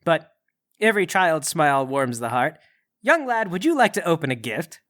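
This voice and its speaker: A man's voice: on the high side, very animated, moderate pace, a bit bright. A man playing a prim, formal male butler in a tabletop game. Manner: formal, polite. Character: polite, fussy male butler.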